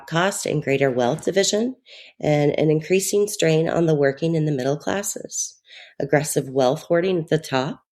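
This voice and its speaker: Low scratchy voiced woman doing a calm slow astrology forecast. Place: in Europe.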